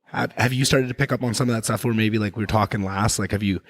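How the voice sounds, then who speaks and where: A man hosting a podcast, talking in a loose, rambling, animated way and swearing freely. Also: on the low side, quick pace, no room sound, studio quality. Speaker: podcast host. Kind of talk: casual podcast chat.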